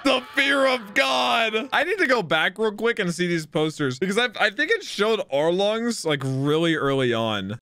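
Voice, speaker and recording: A man hosting an anime reaction, talking casually to the screen, laughing often and shouting with excitement. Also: high voice, normal speed, hardly any pauses, clean tone, no room sound.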